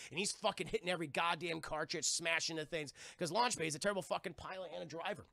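A man's voice: fairly high pitch, fast, gravelly, hardly any pauses, sharp tone, no room sound, studio quality. A man casually recapping a cartoon on a live stream, rambling, swearing and talking to his chat. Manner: profane, rambling, addresses chat.

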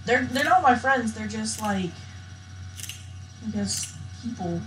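Excitable woman gamer, highish voice, echoey room, faint hiss behind. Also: slow pace. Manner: excitable, bursts into loud shouts and cries, slangy. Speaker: gaming channel host. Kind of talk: live gameplay commentary.

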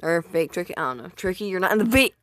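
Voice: medium pitch, animated, fast talker, fairly bright tone, no echo. A YouTuber casually reading viewer comments aloud, rambling and poking fun at their own old videos. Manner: self-deprecating, rambling, reacts aloud.

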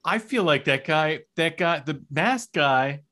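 A man's voice: on the high side, expressive, a little slow, noisy background. A man co-hosting a podcast in casual chat, reacting with wry jokes. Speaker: podcast co-host.

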